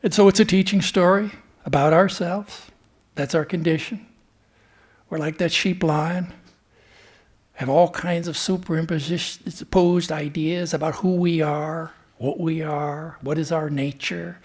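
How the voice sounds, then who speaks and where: A man speaking as a swami in a temple, giving a spiritual talk with an animated storytelling manner that often drops to a hush. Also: on the high side, measured pace, husky. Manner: storytelling, animated, dropping to hushed tones. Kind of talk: sermon with storytelling.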